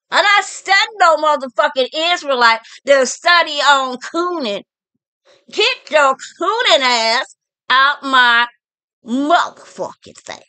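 A woman delivers a profane monologue to her viewers in a bright, high voice. She takes it slow, taunting and preaching and checking in with "all right?". The sound is dry and close. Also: no echo. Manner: taunting, preachy, often breaks into laughter; repeats "all right?" to address listeners. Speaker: online commentator.

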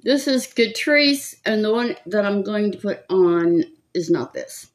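Chatty older Southern woman, lively voice. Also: mid-range voice, measured pace. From California. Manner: chatty, gossipy, rambling with frequent laughs. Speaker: makeup vlogger. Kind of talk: casual chat while doing makeup.

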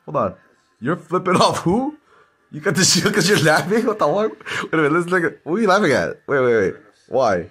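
A man talks in a loose, rambling vlog, excitable and quick to swear, often breaking into laughter. His voice sits high and leaps around in pitch. It has a husky grain.

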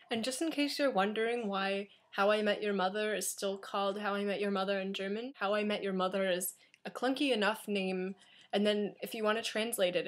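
A seventeen-year-old girl from New York with an American accent, chatting to her computer camera at home in a rambling, self-deprecating way. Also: mid-range voice. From New York, USA. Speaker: vlogger, exchange student. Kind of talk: casual talking-to-camera vlog. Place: home, indoors. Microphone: computer webcam.

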